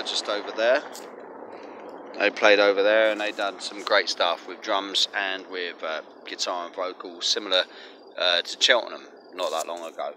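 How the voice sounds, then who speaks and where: A man's voice: deep voice, bright, forceful tone. An English man rambling and swearing heavily while vlogging on a street outdoors. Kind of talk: rambling casual vlog. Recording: outdoor street with faint traffic.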